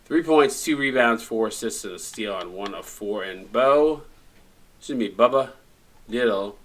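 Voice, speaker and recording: A man's voice: fairly low pitch, moderate pace, a bit bright. A man commentating a streamed video game basketball game, casually rattling off player stat lines with joking asides. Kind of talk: casual play-by-play recap.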